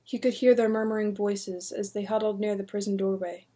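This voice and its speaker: A woman reading a horror novel aloud in a steady, measured narration. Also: mid-range voice, a little hiss or hum. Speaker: audiobook reader.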